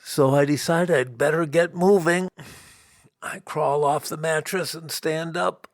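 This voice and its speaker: An American man narrating his own story in the first person, wry and self-mocking, in a slow, unhurried telling. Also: a little high, steady tone, dry recording, studio quality. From United States.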